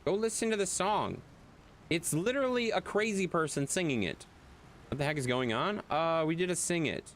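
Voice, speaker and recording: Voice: mid-range voice, animated, normal speed, slight background noise. A game streamer chatting casually with viewers, loose and jokey, swearing freely. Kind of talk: casual live-stream chat.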